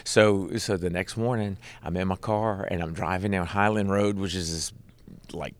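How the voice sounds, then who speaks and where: A middle-aged man, a Christian rock musician, telling his personal testimony in an animated, conversational way. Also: deep voice, normal speed, no echo. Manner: animated, conversational, leans on "right?".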